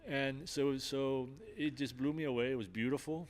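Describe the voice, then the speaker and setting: A man's voice: medium pitch, steady tone, moderate pace. An older man, a podcast guest, earnestly recounting a personal experience in conversation, with many restarts and filler phrases. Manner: earnest storytelling, many restarts and "you know".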